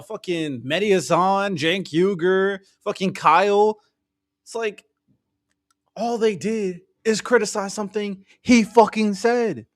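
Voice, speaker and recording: Man ranting heatedly, higher voice. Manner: heated, profane ranting with mocking impressions. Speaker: political commentary streamer. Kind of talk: live reaction commentary.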